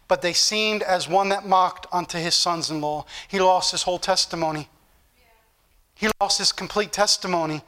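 A man preaching in church with a high, bright, cutting voice. He drives his points home with repetition and rising fervor, reading scripture and then pressing it on his listeners. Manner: fervent, repetitive, building intensity. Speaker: pastor. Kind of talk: sermon.

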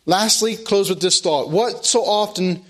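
A man with a fairly high voice preaches a sermon. He speaks earnestly and leans on repetition to press his points. His delivery is plain and direct. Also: measured pace, a bit bright. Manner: earnest preaching, repeats phrases for emphasis. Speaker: pastor.

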